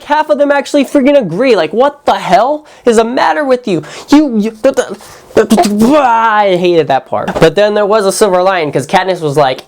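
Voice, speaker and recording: A young man giving a casual, animated movie review, full of slang and "like", sometimes acting out quotes. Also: high voice, normal speed.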